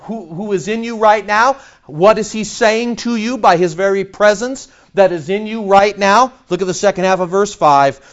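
A man's voice: sits high, moderate pace. A man preaching an expository sermon, emphatic and full of rhetorical questions. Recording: dull lo-fi recording.

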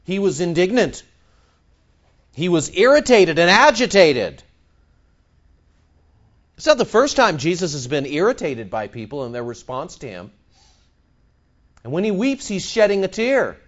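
Male pastor, sermon delivery, slightly high voice, unhurried and emphatic. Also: sing-song, dull audio. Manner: emphatic, swings between loud stress and soft asides.

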